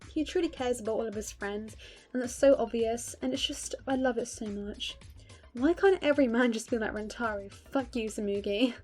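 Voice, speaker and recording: A woman's voice: a little high, a little mellow. A young woman giving casual fan commentary, gushing and emphatic, swearing freely. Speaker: video creator.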